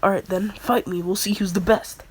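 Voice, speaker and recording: A woman's voice: medium pitch, fairly even intonation, normal speed, a little hiss or hum, natural voice. A woman doing a brash, headstrong young fighter. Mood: challenging. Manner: blunt, challenging.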